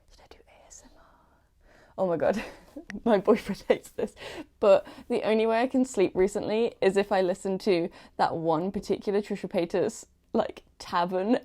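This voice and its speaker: A woman's voice: mid-range voice, dark tone, rough recording. Chatty young Englishwoman rambling casually. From England. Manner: chatty and rambling, self-deprecating, frequent fillers. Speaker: small clothing business owner. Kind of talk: casual chat while packing orders. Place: at home, sitting on a squeaky chair. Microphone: new desk mic.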